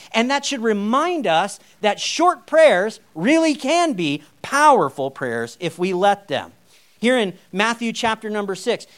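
A male pastor preaching a sermon in a conversational way, with wry humorous asides. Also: high-pitched.

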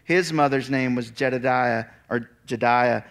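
A man preaching a sermon, reading scripture aloud and then retelling it as a lively story with casual asides. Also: medium pitch, measured pace. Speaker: pastor. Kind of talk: expository sermon.

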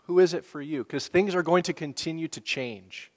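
A man preaching a sermon in a relaxed, conversational way, asking the listeners questions and laughing now and then. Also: a little high, moderate pace. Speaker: pastor. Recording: long hall reverb.

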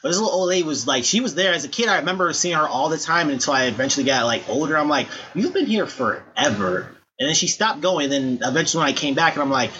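A man's voice: fairly high pitch, racing, few pauses. A man co-hosting a podcast, talking bluntly with a lot of swearing and telling stories from growing up. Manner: blunt and profane, storytelling. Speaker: podcast co-host. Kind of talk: casual podcast chat. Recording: dull lo-fi sound with faint background noise.

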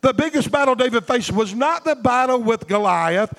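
A pastor delivers a fervent sermon in rhythmic bursts, calling for amens. His voice sits very high for a man. The sound rings with a long reverb from a large hall. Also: lively intonation, normal speed, creaky, fairly bright tone. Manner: fervent, rhythmic, call-and-response preaching.

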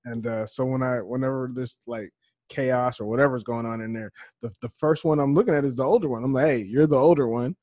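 A man in his thirties chatting as a guest, halting and often repeating words as he thinks. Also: mid-range voice, darkish tone, dry recording. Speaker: podcast guest. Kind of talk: casual chat.

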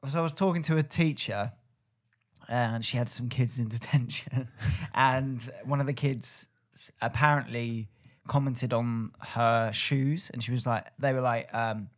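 A young man with a medium-pitched, fairly even voice speaks unhurriedly as co-host of a casual podcast. He's a wry storyteller, sharing anecdotes with dry, teasing humour.

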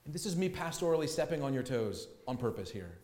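A man's voice: mid-range voice, big pitch swings, quick pace, darkish tone. Emphatic man preaching in an echoey hall. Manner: emphatic, repeats key words for stress. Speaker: pastor. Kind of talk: sermon. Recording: echoey hall with long reverb.

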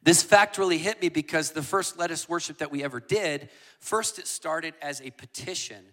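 A man preaching a passionate sermon as a guest speaker, building from quiet asides up to shouting. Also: fairly high pitch, moderate pace. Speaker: guest preacher and worship leader.

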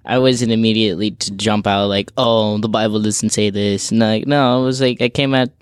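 A man's voice: lowish voice, fairly even intonation, moderate pace, clean tone, dry recording, clean studio sound. A teenage boy speaking casually and hesitantly in a youth group discussion, with many fillers. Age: teens.

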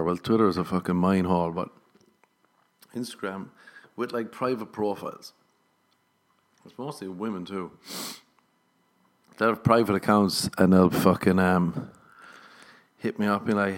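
Deep-voiced male comic, swearing and exasperated in an off-the-cuff rant. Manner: profane, exasperated, sarcastic. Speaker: stand-up comedian. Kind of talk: casual ranting monologue.

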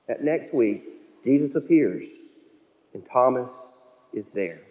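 A male pastor preaching a sermon, telling stories and slowing down to stress key phrases. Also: medium pitch, expressive, darkish tone. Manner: storytelling, with slow emphatic phrases. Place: church sanctuary. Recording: long church reverb.

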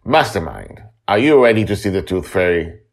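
A man voicing an excitable pirate captain father who calls out in loud, theatrical pirate style. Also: sits low, normal speed, gravelly, pitched above the performer's own voice, exaggerated voice. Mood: rousing. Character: booming excitable male pirate captain dad.

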